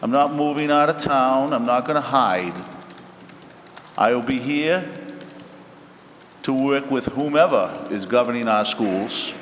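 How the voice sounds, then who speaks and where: A man makes a firm, measured statement to a public meeting. His voice sits at a middle pitch and rings in a hall with a long tail. Faint room noise lies beneath. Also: a bit bright. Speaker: school committee member.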